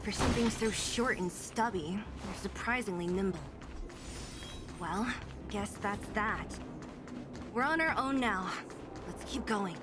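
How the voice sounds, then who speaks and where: A woman's voice: medium pitch, unhurried, pauses often, background noise, close to an everyday voice. An actress playing a blunt, combative young female hero in a video game. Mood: defiant. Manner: confrontational, blunt.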